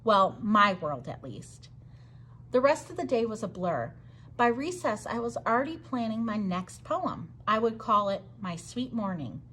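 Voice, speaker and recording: A woman reading a children's picture book aloud in a gentle, earnest storytelling manner. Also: medium pitch, very animated, unhurried, husky. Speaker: storybook reader.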